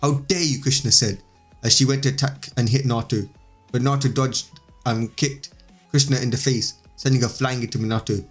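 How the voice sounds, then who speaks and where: A man's voice: medium pitch, steady tone, a little fast, faint music behind. A man reading a fan story aloud in an unpolished way, with small slips, as host of his channel.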